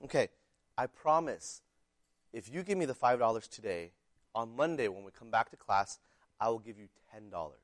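A man's voice: mid-range voice, lively intonation, normal speed, dry recording, clean studio sound, natural voice. A man voicing a sly second-grade girl who keeps pleading and promising. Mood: coaxing. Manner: wheedling, insistent promises.

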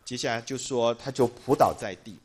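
A man interpreting a sermon live in a church, hesitating often and filling pauses with short filler sounds. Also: medium pitch, slightly rough.

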